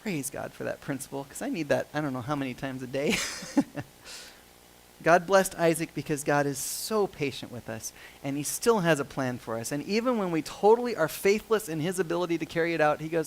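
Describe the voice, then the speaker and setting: A man's voice: fairly high pitch, expressive, fairly quick, rough recording. A male pastor preaching a sermon in a conversational, joking and self-deprecating way.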